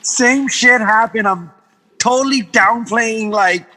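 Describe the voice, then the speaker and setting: A man from Guam, a podcast guest, telling animated stories in casual chat, swearing freely and acting out the voices of people he quotes. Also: high voice, takes it slowly, big-room sound, low-quality recording.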